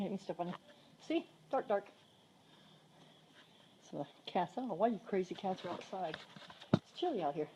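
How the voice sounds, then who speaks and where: A woman's voice: lowish voice, animated, normal speed, long pauses, dark tone. Woman giving a casual shelter tour, baby-talking the kitties, bouncy voice, lots of background noise. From from the southern United States. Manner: coos baby talk to the cats. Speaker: cat sanctuary worker giving a shelter tour. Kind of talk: casual filmed walkthrough, chatting to viewers and cats.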